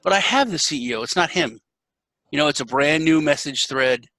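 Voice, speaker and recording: Guy hosting a podcast, bright punchy voice, tells stories acting out everyone, swears a lot, dry sound. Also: on the high side, a little fast, dry recording, rough recording. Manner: animated storyteller, acts out quotes, swears freely. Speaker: podcast host. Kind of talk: casual chat.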